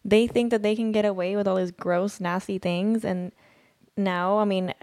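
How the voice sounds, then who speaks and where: A woman's voice: mid-range voice, fairly even intonation, moderate pace, darkish tone. A woman co-hosting a podcast in casual chat, frank, with many "like"s. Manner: frank, says "like" a lot. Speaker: podcast co-host.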